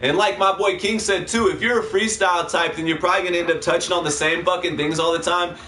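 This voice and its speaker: A man with a high voice talks in a loose, slangy livestream chat, full of swearing and quick laughs. He has been drinking. The sound bounces around an echoey room. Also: steady tone, sharp tone, a little hiss or hum. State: drinking while talking. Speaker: livestream co-host. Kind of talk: casual chat.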